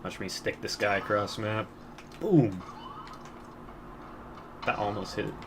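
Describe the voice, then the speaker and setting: A man's voice: fairly low pitch, slow, background noise. A young man giving casual gameplay commentary, telling rambling stories in a crude, profane way and often laughing.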